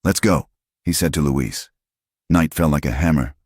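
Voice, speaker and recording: A man narrating a western audiobook in a measured, even storytelling manner. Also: rumbling low, slightly rough, no room sound, studio quality.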